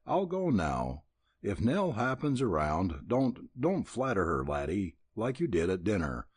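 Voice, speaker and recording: A man voicing a sensible, motherly frontier wife who scolds gently. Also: lowish voice, sing-song, a little slow, husky, no room sound, clean studio sound, full character voice. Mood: stern. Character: firm motherly older frontier woman.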